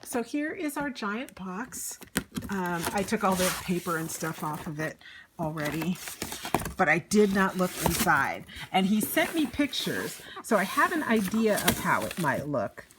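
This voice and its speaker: A woman's voice: fairly low pitch, very animated, unhurried, background noise. A woman vlogging an unboxing at home by a fireplace, giddy and gushing, with gasps and laughter. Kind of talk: casual unboxing chat.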